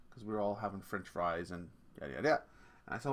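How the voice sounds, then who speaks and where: A man's voice: low voice, quick pace. A man in his forties hosting a podcast, telling stories in a casual, chatty way, laughing often and swearing casually. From Canada. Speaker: podcast host. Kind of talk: casual storytelling rant.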